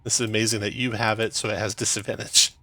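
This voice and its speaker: Bright-voiced man running a tabletop game. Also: fairly low pitch, level tone, no room sound. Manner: brisk rules-calling with chuckles. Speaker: dungeon master.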